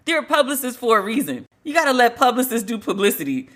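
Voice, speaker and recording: A woman's voice: fairly high pitch, very animated, quick pace, fairly bright tone. A woman hosting a podcast, giving blunt, wry gossip commentary with laughing asides and casual swearing. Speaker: podcast host.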